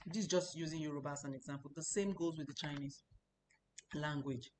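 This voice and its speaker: A woman's voice: low voice, steady tone, a little fast, darkish tone, slight background noise. A woman teaching a Chinese language lesson, explaining patiently and repeating sounds for practice. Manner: explanatory, repeats words for practice, chatty asides.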